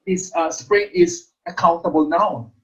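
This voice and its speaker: Middle-aged male teacher, unhurried, repeats key terms. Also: a little high, huge pitch swings, poor audio. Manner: explains slowly, repeats terms and stresses syllables. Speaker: exam review teacher. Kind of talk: teacher-exam coaching lecture.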